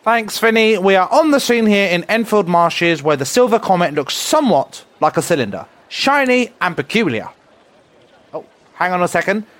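A terrified field reporter babbles frantically from the scene. His voice is pushed very high and shrill. The tone is bright. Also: very animated, moderate pace. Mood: nervous. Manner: frantic, screaming in terror. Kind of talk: comic mock news broadcast.

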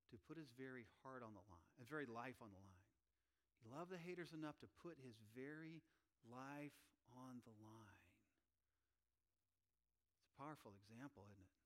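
A man preaching a sermon, animated, acting out quoted voices with rising pitch and volume. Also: moderate pace. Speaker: pastor.

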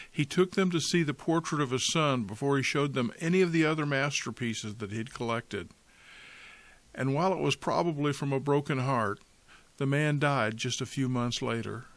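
Calm reflective pastor, middle pitch, dry sound. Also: male voice, dry recording. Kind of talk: sermon storytelling.

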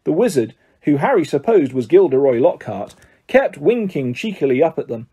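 Mellow, husky male storybook reader. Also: on the high side, sing-song, normal speed. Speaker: audiobook reader. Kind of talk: storybook narration.

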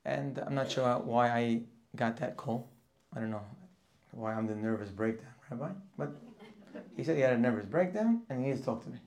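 A man preaching a sermon as a rabbi, telling stories and swinging from hushed asides to loud, emphatic lines. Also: medium pitch, animated, moderate pace. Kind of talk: sermon with storytelling.

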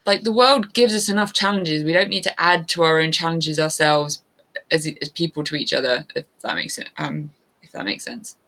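A woman's voice: low voice, moderate pace, fairly bright tone, rough recording. A woman in her thirties, a guest chatting casually in an interview, rambling a little and laughing easily. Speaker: guest, adventure motorbike rider.

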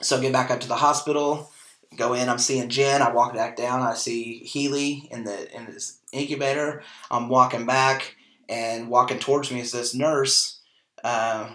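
A man in his forties, from Kansas, tells a personal story on a podcast in a bright, forceful voice of middle pitch. He is animated, acts out what others said, and fills his pauses with ums and likes. The room gives his voice a lively echo. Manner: animated storyteller, acts out quoted dialogue, frequent fillers. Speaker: podcast host. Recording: echoey room.

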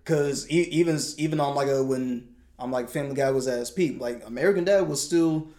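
A man's voice: medium pitch, brisk, warm tone. A young man co-hosting a podcast, chatting casually and stumbling over his words. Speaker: podcast co-host. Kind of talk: casual chat.

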